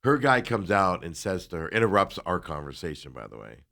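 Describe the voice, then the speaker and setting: A man on a talk show, casually telling a long story and animatedly acting out the people in it, sometimes dropping into quiet asides. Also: sits low, sing-song, a little fast, creaky. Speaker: co-host.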